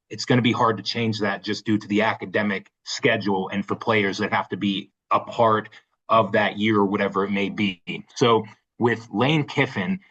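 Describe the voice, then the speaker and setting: A man's voice: fairly low pitch, fairly bright tone. A man co-hosting a casual sports podcast, thoughtful and hedging, often restarting his sentences. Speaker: podcast co-host. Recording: dull lo-fi sound.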